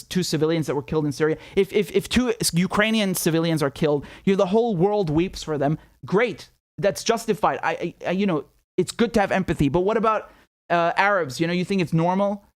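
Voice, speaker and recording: A man's voice: sits high, a little fast, dry recording, clean studio sound. A young adult man hosting a live political commentary stream, talking in a heated, sarcastic and profane way, stumbling over restarts and reading viewer donation messages aloud. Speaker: independent political commentator and host.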